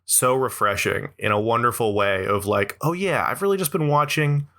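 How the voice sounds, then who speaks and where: A man's voice: medium pitch, animated, normal speed, bright, forceful tone. A young man hosting his own podcast, talking through a rambling, sarcastic comedic monologue and laughing between lines. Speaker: podcast host.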